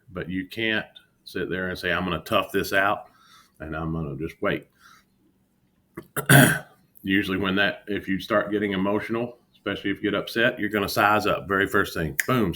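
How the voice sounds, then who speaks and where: Earnest low-voiced man vlogging candidly. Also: fairly quick, sharp tone. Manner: earnest, self-critical, with frequent restarts. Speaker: futures day trader vlogger. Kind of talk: candid reflective monologue to camera. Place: home room with an exercise bike.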